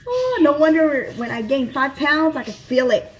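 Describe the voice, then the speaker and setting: Her voice high-pitched and sing-song at a moderate pace, a cooking vlogger rambles through a kitchen tutorial, correcting herself and using lots of fillers. Onion-cutting has her teary, and a little hiss or hum sits under the recording.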